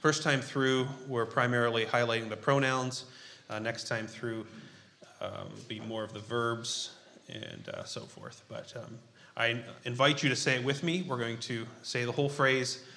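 A man preaching a sermon in a bright, forceful voice. He talks in an unhurried, halting way with frequent fillers. His voice rings around a roomy church space. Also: medium pitch, animated, creaky, a little hiss or hum. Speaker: pastor. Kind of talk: sermon with group scripture reading. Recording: roomy echo.

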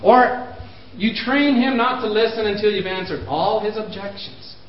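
A man in his fifties lecturing parents, animated, pushing his voice up for emphasis and chuckling at himself. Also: high-pitched, normal speed. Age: 50s. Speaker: speaker on parenting. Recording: roomy, dull lo-fi recording.

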